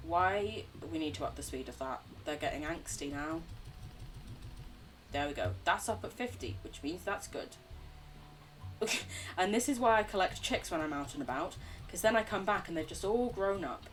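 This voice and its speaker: A young woman streaming a game, chatting casually and warmly to her chat. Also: lowish voice, animated, moderate pace, far from the mic, soft background music. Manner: chatty, bubbly, talks to chat. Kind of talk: casual gameplay commentary.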